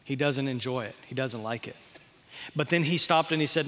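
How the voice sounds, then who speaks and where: Bright, folksy preacher. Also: male voice, mid-range voice, moderate pace, long reverb tail. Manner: folksy, animated, acts out quotes. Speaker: pastor. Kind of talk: sermon.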